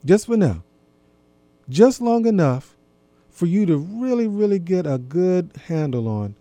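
A man giving an earnest, gently instructive talk to listeners about marriage, often repeating himself. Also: high-pitched, big pitch swings, a little slow, no room sound. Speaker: marriage and intimacy speaker.

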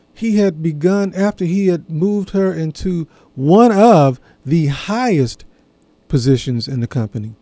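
A man telling a personal story in a reflective monologue, earnest and measured, pausing between phrases. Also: a little high, warm tone, no echo. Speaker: speaker sharing a personal story.

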